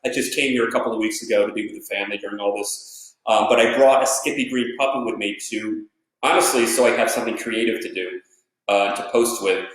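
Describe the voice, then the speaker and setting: A man's voice: lowish voice, a little fast. A man doing a casual live-streamed comedy set at home, rambling and swearing freely. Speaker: stand-up comedian. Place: family living room. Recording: echoey living room.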